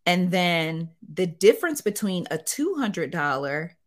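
A woman's voice: lowish voice, a little slow. A middle-aged woman telling a story in a casual interview, acting out the quotes in different voices. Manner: animated, acts out quotes in voices. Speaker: guest, site owner.

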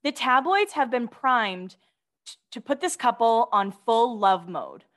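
A woman's voice: on the high side, big pitch swings, a little slow, fairly bright tone. A woman co-hosting a podcast, chatting casually and reading out celebrity gossip items with gushing asides. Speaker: podcast co-host.

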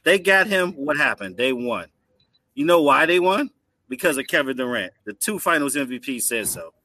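Bright, lively man making his case. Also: mid-range voice, moderate pace. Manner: argumentative, builds his case with questions. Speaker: sports debater. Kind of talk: heated sports debate.

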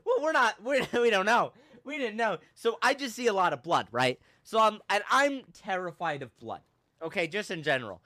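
A young man hosting a podcast, telling a funny story with animated, self-mocking drama and big swings in his voice. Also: high voice, normal speed. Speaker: podcast host. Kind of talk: comedic storytelling in casual chat.

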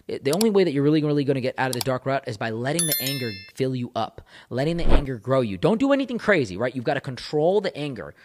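A man's voice: mid-range voice, very animated, fast talker, hardly any pauses, background noise. A man talking as a breakup coach into a microphone, intense and emphatic, repeating phrases for punch. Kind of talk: motivational monologue. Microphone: studio microphone.

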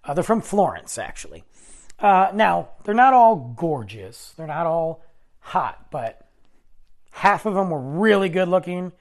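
A man's voice: sits high, a little slow. A man casually telling a rambling story on his vlog, correcting himself as he goes and acting out what people said. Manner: animated, rambling, self-correcting, acts out quoted dialogue.

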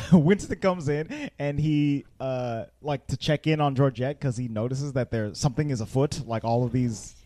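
On a podcast, a host recaps a movie with his friends, rambling, laughing often, and slipping into goofy character voices. He has a warm, mid-range voice, talks a little slowly, and there's no echo.

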